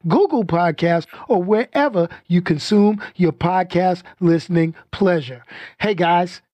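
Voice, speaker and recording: A man hosting his own podcast, talking in a casual, animated rant full of slang and stammered restarts. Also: sits high, no echo. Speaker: podcast host.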